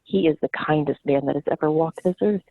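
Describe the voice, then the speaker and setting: A woman imitating her snobby, proud older mother, lowering her voice toward a deep smoker's rasp. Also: fast talker, narrow, tinny audio, noisy background. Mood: indignant. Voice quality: deep, smoky. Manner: haughty, dismissive.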